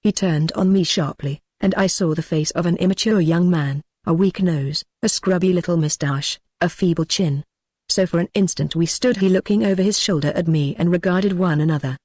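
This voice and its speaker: Guy reading an old ghost story, even and measured, no room sound at all. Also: high voice, dry recording. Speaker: audiobook narrator. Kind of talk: scripted narration of a classic ghost story.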